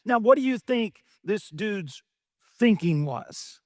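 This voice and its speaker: A middle-aged man preaching a sermon as a pastor, animated, asking many rhetorical questions and acting out quoted voices. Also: high-pitched, slow, no echo, clean studio sound.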